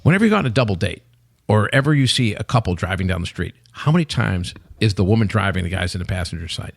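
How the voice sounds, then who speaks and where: A man in his sixties, a company CEO and guest, telling stories in an animated way and acting out quotes. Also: lowish voice, fast talker, gravelly, dry recording. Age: 60s. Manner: animated storyteller, acts out quotes. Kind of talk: podcast interview chat.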